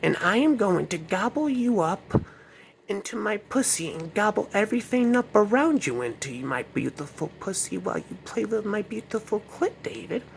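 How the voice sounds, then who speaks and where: A man voicing a gloating evil female witch who cackles and taunts slowly. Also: high-pitched, very animated, creaky, slight background noise, pitched above the performer's own voice, exaggerated voice.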